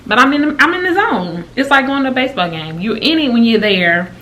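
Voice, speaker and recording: A woman vlogger telling a story in a casual, exasperated way, with her pitch jumping high when she quotes people. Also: brisk. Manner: animated and exasperated, with big pitch jumps when quoting.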